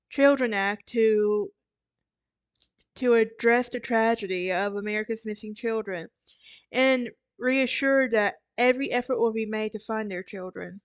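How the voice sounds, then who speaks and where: This lo-fi, echo-free clip features a woman with a higher-pitched voice and a Southern accent, sounding tired as she hosts a true crime podcast. She narrates loosely, rambling and frequently backing up to correct herself.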